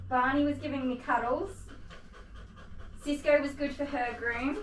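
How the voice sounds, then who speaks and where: Australian woman, dog groomer, bubbly baby talk, lively up-and-down voice, noisy grooming room. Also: on the high side, moderate pace. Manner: gushing baby talk to dogs, lively and playful. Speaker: dog groomer and live-streamer. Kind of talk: casual live-stream chat. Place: small grooming shed with dogs. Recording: noisy room with clippers and dogs.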